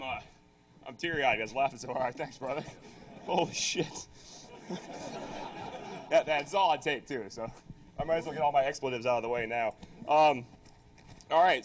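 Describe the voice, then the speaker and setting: A man running the closing of a conference from the stage, chatty and loose, swearing casually as he talks. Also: mid-range voice. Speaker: conference organizer.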